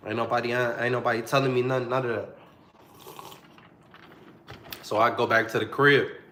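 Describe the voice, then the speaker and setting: A man's voice: medium pitch, level tone, normal speed, pushed and bright, roomy sound, a little hiss or hum. A young man telling a personal story to the camera in a slangy, repetitive, heartfelt way.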